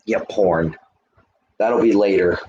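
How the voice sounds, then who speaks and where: A man's voice: sits low, takes it slowly, dark tone, reverberant, lo-fi sound, slight background noise. A man livestreaming, ranting at his chat in a heated, profane, lecturing way while smoking a cigarette. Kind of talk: live stream rant to chat.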